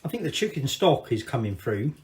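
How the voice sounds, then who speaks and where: A man's voice: mid-range voice, very animated, brisk, a little mellow. A Scottish man hosting a casual cooking video, rambling and swearing cheerfully as he talks through a recipe in his home kitchen. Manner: chatty, rambling, sweary asides. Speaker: cooking channel host. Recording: echoey room.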